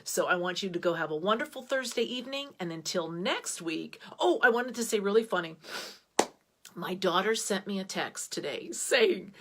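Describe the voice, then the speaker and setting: A middle-aged American woman hosts her own livestream and talks straight to her viewers. She speaks with high energy and tells her stories in an animated, casual way. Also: moderate pace. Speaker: online show host.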